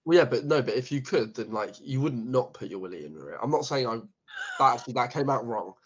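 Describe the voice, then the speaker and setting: A man's voice: medium pitch, animated, fast talker, breathy edge, highs cut off. A young man co-hosting a podcast in casual chat, swearing freely and laughing often. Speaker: podcast co-host.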